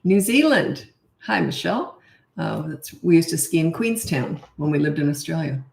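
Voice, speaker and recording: A woman's voice: low voice, very animated, moderate pace, gravelly, darkish tone. A woman who is a parenting coach, chatting casually and rambling on a live stream, laughing often. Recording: echoey room.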